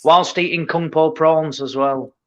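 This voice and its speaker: A man's voice: fairly high pitch, steady tone, a little slow, a bit bright, lo-fi sound. A man co-hosting a casual boxing chat, blunt and mocking, with plenty of swearing. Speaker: podcast co-host.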